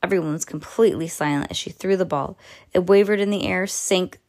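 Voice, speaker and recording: A woman's voice: fairly low pitch, brisk, darkish tone. A woman reading a children's story aloud, with small slips and restarts and casual asides.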